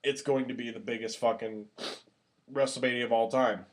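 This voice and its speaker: Excitable man with hiccups, swearing freely. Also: medium pitch, normal speed. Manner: animated, swears freely, gets loud when worked up. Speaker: podcast co-host. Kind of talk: casual podcast chat.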